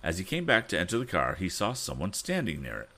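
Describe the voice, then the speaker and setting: A man's voice: low-pitched, huge pitch swings, fast talker, bright, forceful tone. A man reading an adventure novel aloud with expression, stopping to correct his own misreadings. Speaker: audiobook reader.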